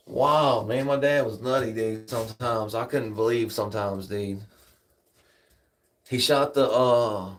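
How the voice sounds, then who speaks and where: A relaxed man spins a long, rambling yarn full of swearing and slang. His voice sits at an ordinary middle pitch. He laughs often as he talks. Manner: profane, laid-back, laughs often, rambling. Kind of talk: casual storytelling chat.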